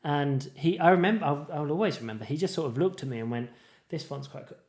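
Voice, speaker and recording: A man's voice: a little high, lively intonation, fast, a little mellow. A man co-hosting a podcast in casual chat, rambling with lots of fillers and restarts. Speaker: podcast co-host.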